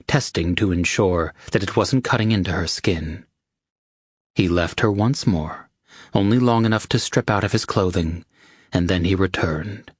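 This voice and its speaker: A male audiobook narrator with a very low, husky voice, reading in a steady, measured way. The sound is dry and close, with no room around it. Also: dry recording. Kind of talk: scripted narration.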